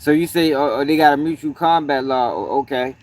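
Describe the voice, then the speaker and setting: Brisk and a little high-voiced, a man hosts a livestream in a loose, foul-mouthed style. He drops "yo" all the time and pauses between points to welcome people in chat.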